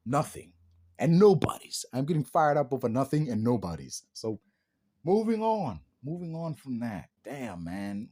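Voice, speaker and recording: A male podcast host talks in a loose, slangy rant, full of exclamations and frequent laughs. His pitch swings widely as he gets worked up. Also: big pitch swings, a little slow, dark tone. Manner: laughs often.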